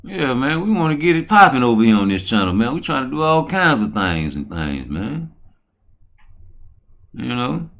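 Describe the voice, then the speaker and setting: A man hosting his own channel, talking in a profane, boisterous, rambling way that swings between low mutters and loud excited bursts. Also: normal speed. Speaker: channel host. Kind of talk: rambling livestream talk.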